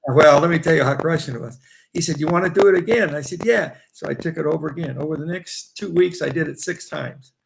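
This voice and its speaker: Old guy in his 80s from indiana, super gravelly voice, kinda high, rambles through his trading stories with little chuckles. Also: fairly even intonation, fast talker, a little hiss or hum, poor audio. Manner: chuckling, restarts phrases while reminiscing. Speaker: guest, veteran trader. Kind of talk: rambling anecdotal storytelling.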